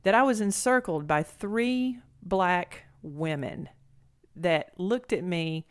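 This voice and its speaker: A middle-aged Southern woman talks straight into her podcast, earnest and candid. Her voice sits on the low side, and she wanders, restarts and circles back as she thinks aloud. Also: takes it slowly, clear, resonant tone. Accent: Southern American. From Southern United States. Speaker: podcast host. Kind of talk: personal monologue podcast.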